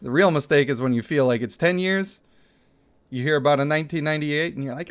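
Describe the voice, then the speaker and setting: A man's voice: a little high, fast talker, clean tone. Chatty streamer man in his thirties. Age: 30s. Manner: chatty, laughs often. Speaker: streamer reading chat. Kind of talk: casual livestream chat.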